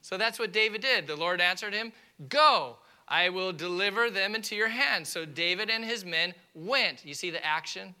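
A man preaching a sermon to a church congregation, telling a funny personal story with lively asides and impressions. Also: sits high, moderate pace, few pauses, clear, resonant tone. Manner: animated storytelling with comic impressions and audience asides. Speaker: pastor. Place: church auditorium.

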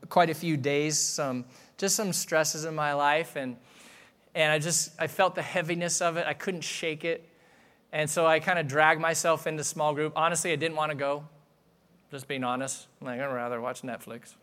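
A man preaching a sermon in a casual, conversational tone, with a voice sitting a touch high for a man. He talks straight to the congregation with questions, then slows down for firm, emphatic lines. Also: fairly even intonation. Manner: conversational, asks the audience questions, swings from soft to emphatic. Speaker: pastor.

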